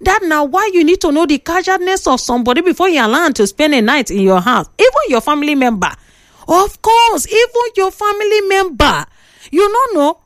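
A woman radio presenter speaking with a Nigerian Pidgin accent, lecturing listeners and bantering with callers in a lively, preachy way. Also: high-pitched, no echo, studio quality. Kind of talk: call-in radio talk.

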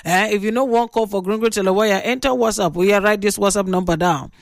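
Gravelly Nigerian woman radio host. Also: mid-range voice, fairly quick, no room sound, studio quality. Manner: chatty, opinionated storytelling. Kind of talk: casual radio talk.

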